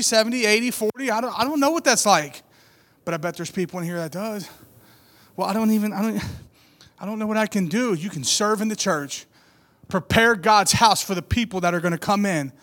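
A man in his thirties giving an animated sermon testimony, building from quiet storytelling to loud emphatic peaks. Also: high voice. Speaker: church speaker.

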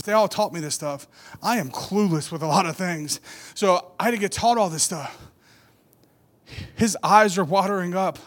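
A man in his thirties giving an animated sermon testimony, building from quiet storytelling to loud emphatic peaks. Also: sits high. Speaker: church speaker.

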